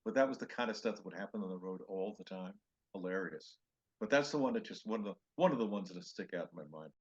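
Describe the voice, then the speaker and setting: A man's voice: deep voice, quick pace, breathy edge, lo-fi sound. An older male comedian telling road stories in a podcast interview, acting out other people's lines in raised voices. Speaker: comedian guest.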